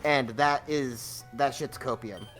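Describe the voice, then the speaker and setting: A man's voice: mid-range voice, slow pace, a bit bright, soft background music. A young man rambling casually while commentating on a video game, swearing and filling gaps with "um" and "like". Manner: rambling, profane, many fillers. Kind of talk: casual let's-play banter.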